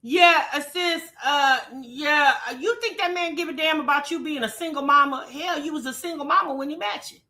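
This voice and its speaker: A woman's voice: sits high, moderate pace, few pauses. A woman co-hosting a casual livestream, teasing and laughing as she reacts. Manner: teasing, laughing, shouting, re-enacts quotes.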